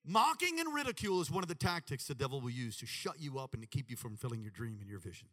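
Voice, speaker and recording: Animated preaching man, bright voice. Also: mid-range voice, fast, long reverb tail. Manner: animated, dramatic preaching with shouts. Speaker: pastor. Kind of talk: sermon.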